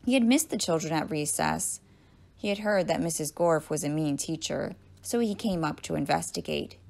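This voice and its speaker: A woman's voice: sits low, moderate pace, darkish tone. A woman librarian reading a children's book aloud and then signing off to listeners. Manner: clear, storytelling read-aloud.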